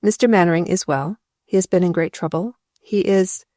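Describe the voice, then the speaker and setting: A woman's voice: on the low side, normal speed, mellow, no echo, studio quality, natural voice. A woman voicing a man in disguise, putting on a slight foreign accent and speaking formally and carefully in an audiobook. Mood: guarded.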